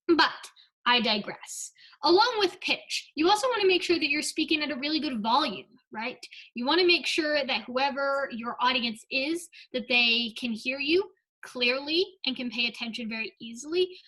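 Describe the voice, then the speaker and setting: A woman's voice: on the high side, bright, forceful tone, low-quality recording. A young woman giving an upbeat speech and debate lesson, often checking in with "right?" and "okay?". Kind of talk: instructional talk with comic asides.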